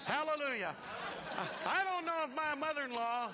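A man preaching a sermon as pastor, telling stories with lively acted-out voices. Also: very high-pitched, normal speed, noisy background. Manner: animated storytelling, acts out voices. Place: church. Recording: long reverb of a large hall.

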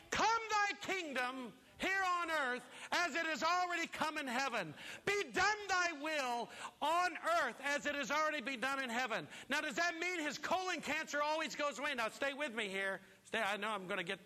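A man preaching a sermon as pastor, telling stories with lively acted-out voices. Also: extremely high pitch, moderate pace. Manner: animated storytelling, acts out voices. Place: church. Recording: long reverb of a large hall.

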